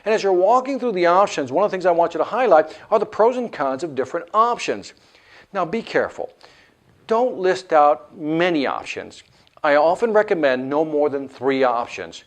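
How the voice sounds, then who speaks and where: A man teaching a sales lesson in an animated way, acting out what the customer thinks. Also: on the high side, fairly quick. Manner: animated, acts out customer lines. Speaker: sales instructor. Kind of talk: instructional lecture.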